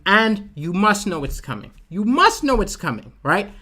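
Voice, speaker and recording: A man from Malawi doing stand-up comedy on a livestream, telling animated stories and using vocal sound effects while he talks to his chat. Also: sits high, moderate pace.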